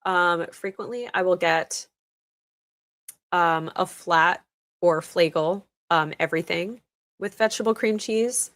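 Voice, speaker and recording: A young woman hosting a livestream, chatting casually as she reads out viewer comments, laughing often and filling pauses with ums. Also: on the low side, a bit bright. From New York State. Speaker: livestream host.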